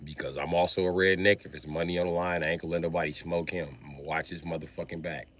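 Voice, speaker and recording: A man's voice: low voice, steady tone, fast talker. A man ranting casually on a livestream, with profane, slangy, streetwise storytelling.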